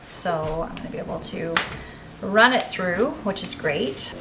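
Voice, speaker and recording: A woman's voice: on the low side, lively intonation, unhurried, background noise. A woman with a Canadian accent, chatting casually in a home garden and kitchen vlog, rambling and correcting herself as she goes. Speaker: homesteading vlogger.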